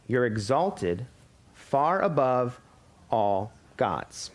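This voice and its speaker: A man's voice: medium pitch, a little mellow. Man preaching a sermon, asking questions. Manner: explanatory preaching with rhetorical questions. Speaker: pastor.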